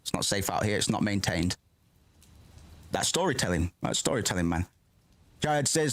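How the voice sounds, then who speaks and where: A man with a lowish voice at normal speed streams his reaction to a film. The commentary wanders casually and excitably, peppered with swearing and sentences he abandons partway.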